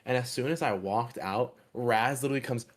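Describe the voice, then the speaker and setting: A man co-hosting a stream, telling a story in a relaxed, slangy way. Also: mid-range voice, fairly quick. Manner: laid-back, slangy, laughs while telling stories. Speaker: stream co-host. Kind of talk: casual storytelling.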